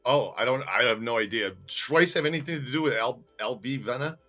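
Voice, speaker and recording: A man's voice: mid-range voice, fairly quick, sharp tone, faint music behind. A man hosting a casual podcast, laughing often and teasing his co-host while reading out viewer comments.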